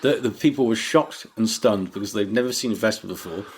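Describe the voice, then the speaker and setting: Low-voiced sweary bloke. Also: male voice, brisk, slightly rough. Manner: rambling, sweary, laughs easily. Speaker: podcast co-host. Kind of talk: casual comedy chat.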